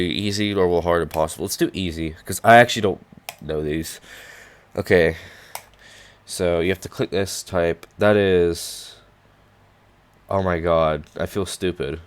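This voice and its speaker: Low-voiced young man, hoarse and rambling. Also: moderate pace. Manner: rambling with many "like" and "um" fillers. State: losing his voice, clearing his throat. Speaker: hobby programmer showing his projects. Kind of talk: casual screen-recorded walkthrough.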